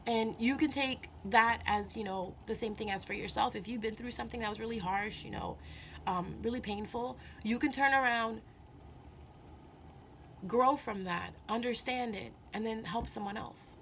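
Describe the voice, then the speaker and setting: Woman vlogger, fairly high voice, earnest and heartfelt, slightly emotional, faint background hiss. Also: moderate pace, fairly bright tone. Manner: earnest, repeats herself, many "you know"s. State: a little emotional. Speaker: spiritual vlogger. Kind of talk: casual heartfelt talk to camera.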